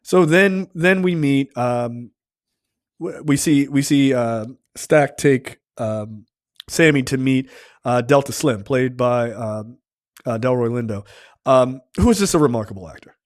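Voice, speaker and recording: Halting man recapping a film, dry sound. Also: medium pitch, dry recording. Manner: halting, with frequent ums and uhs. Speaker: film review podcast co-host. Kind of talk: casual chat.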